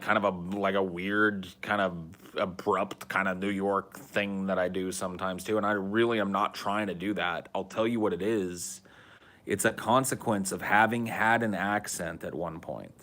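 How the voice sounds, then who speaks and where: A man's voice: sits low, sharp tone. A man in his thirties with a Californian accent, chatting casually on a podcast in a laid-back stoner drawl and swearing freely. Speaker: podcast host. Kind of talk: casual chat.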